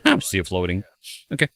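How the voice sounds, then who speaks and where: A man with a lowish, slightly bright voice streams a ghost-hunting game, offering casual gameplay commentary through a headset mic. He's playful and self-mocking, muttering to himself as he plays.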